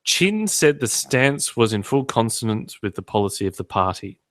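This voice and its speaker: Guy hosting a podcast, jokey and cheeky, lowish voice. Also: very animated, moderate pace, fairly bright tone, no echo, clean studio sound. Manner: joking, irreverent banter. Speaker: podcast host. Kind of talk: casual chat.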